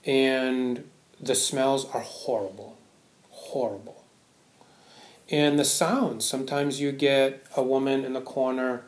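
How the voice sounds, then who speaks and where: A man's voice: medium pitch, darkish tone, echoey room. A man giving a Buddhist Dharma talk to a live audience, conversational, often checking in with "right?". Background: audience laughter.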